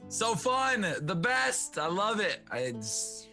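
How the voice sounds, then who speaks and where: A man's voice: high voice, sing-song, slow, gravelly, bright, forceful tone, soft background music. A man who plays in a tabletop game, chatting in a giggly, self-deprecating way. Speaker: player. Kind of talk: livestream sign-off chat.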